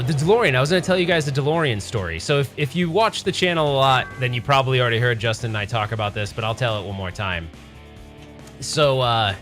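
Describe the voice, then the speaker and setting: A man with a middle-pitched voice hosts a pinball livestream in a casual, rambling way. He keeps restarting his sentences and talking straight to his chat, with faint music behind him. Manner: rambling, self-correcting, chatty with chat. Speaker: pinball streamer host.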